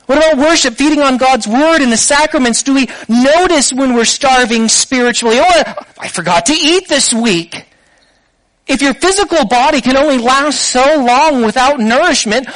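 A man's voice: very high voice, a bit bright, no room sound, low-quality recording. A man preaching a sermon in a conversational way, putting rhetorical questions to his listeners.

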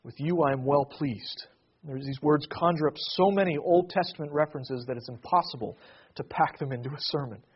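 A male pastor preaching a sermon to his congregation. He swells to emphatic peaks and then drops to a hush. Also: a little high, brisk, slightly rough, lo-fi sound.

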